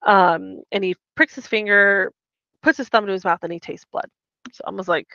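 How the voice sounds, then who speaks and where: A woman's voice: mid-range voice, normal speed, sharp tone, no room sound, dull audio. A woman co-hosting a casual podcast, animatedly retelling a book and acting out the characters' lines. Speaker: podcast co-host. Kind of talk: casual chat recapping a book.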